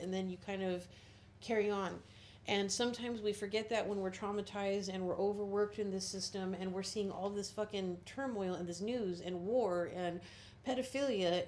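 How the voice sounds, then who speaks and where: A woman's voice: medium pitch, darkish tone, slight background noise. A middle-aged woman vlogging about witchcraft in a blunt, rambling, profane way. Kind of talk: casual spiritual monologue.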